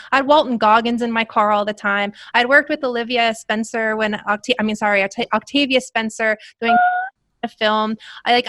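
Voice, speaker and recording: Animated actress telling set stories. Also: female voice, on the high side, dry recording, studio quality. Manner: animated storyteller, laughs while telling anecdotes. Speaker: actress guest. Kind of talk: casual interview chat.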